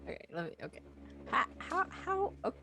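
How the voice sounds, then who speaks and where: A woman's voice: sits high, sing-song, fairly quick, gravelly. A woman player in a tabletop game, flustered and stumbling over repeated words. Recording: noisy mic with clicks.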